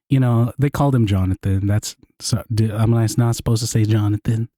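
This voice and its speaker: Male podcast host, mid pitch, dry close sound, animated joking storyteller. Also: fairly quick, few pauses, dry recording. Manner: animated storyteller, laughs often, swears. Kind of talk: casual chat, storytelling.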